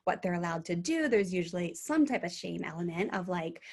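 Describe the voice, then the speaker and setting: Thirties woman coach, earnest conversational delivery with lively acted-out quotes. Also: lowish voice, a little fast, husky. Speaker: parenting coach. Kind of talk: casual podcast chat.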